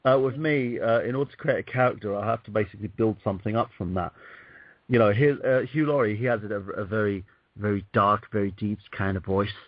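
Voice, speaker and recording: A man's voice: on the low side, fairly even intonation, fairly quick, dull audio. A man hosting a casual movie podcast, rambling with many restarts. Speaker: podcast host. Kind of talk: casual chat.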